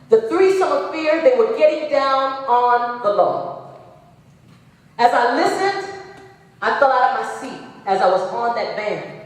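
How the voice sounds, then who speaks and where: A woman giving an emotional testimony with a preacherly cadence, speaking to an audience in a large hall. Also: on the high side. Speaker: panel speaker. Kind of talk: impassioned testimony. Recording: echoey hall from far off.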